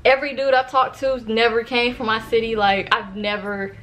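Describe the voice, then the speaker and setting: A woman's voice: on the high side, level tone, normal speed, fairly bright tone, slight background noise. A woman in her early twenties from Sacramento tells a casual storytime, talking straight to her viewers with lots of fillers. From Sacramento, California. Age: early 20s. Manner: chatty, filler-heavy, addresses viewers as y'all. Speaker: vlogger.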